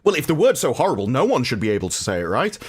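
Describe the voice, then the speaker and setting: A man's voice: medium pitch, huge pitch swings, racing, husky. A man talking animatedly and opinionatedly in a casual podcast chat, often laughing.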